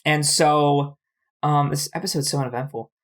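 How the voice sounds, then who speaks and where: Speaking at an ordinary mid-range pitch, this podcast co-host rattles off a recap of a TV episode. The chat is loose and casual, full of profanity and energy, with brief performed lines for the characters.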